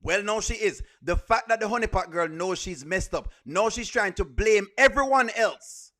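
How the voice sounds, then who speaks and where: A man's voice: sits high, expressive, moderate pace, sharp tone. A man hosting a reaction video, scolding emphatically and repeating his points. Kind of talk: reaction commentary.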